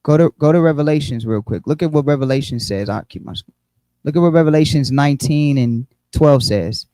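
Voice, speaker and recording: Dark-voiced man teaching scripture. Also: fairly high pitch, a little fast, no echo, low-quality recording. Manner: explanatory, repeats and restarts words. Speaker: Bible teacher. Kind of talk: online Bible study teaching.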